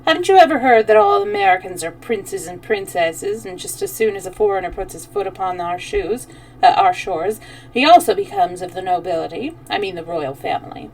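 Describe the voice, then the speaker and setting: A woman's voice: medium pitch, sing-song, brisk, gravelly, recorded from a distance, a little hiss or hum, low-quality recording. A woman voicing a cheerful, talkative young American man. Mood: breezy. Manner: cheerful, chatty.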